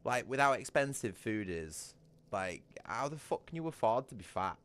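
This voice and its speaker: Streaming a game at home, this British man rambles crudely and casually, often starting over and laughing. His medium-pitched voice has lively intonation, a moderate pace and a slightly bright tone.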